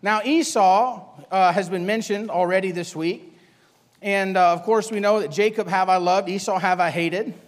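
High-voiced preacher in a reverberant hall. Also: male voice, moderate pace. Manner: animated preaching, swings from loud to hushed. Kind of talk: sermon.

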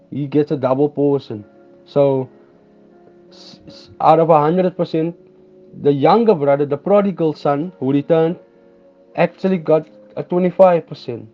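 A man preaching a sermon, reading scripture aloud and explaining it, repeating and restarting phrases and slowing down on key words. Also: fairly high pitch. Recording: dull lo-fi sound with faint music behind.

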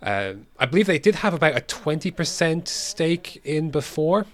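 A man's voice: on the high side, very animated, moderate pace, fairly bright tone. A man co-hosting a podcast in casual chat, rambling with many fillers and restarts. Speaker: podcast co-host.

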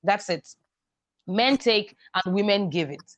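A woman educator explaining her ideas in a measured, emphatic way on a podcast. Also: mid-range voice, expressive, dry recording. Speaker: guest, sexual and reproductive health educator. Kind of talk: podcast conversation.

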